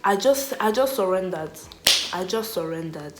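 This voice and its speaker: A young woman telling a storytime vlog in animated, slangy style, laughing often. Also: fairly low pitch, normal speed, echoey room, heavy background noise. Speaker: vlogger.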